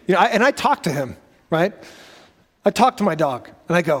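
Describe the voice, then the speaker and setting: A long reverb fills the church sanctuary as a pastor with a fairly high voice delivers a sermon at a fairly quick pace. He tells it like a relaxed story, stopping to correct himself and wandering off on tangents.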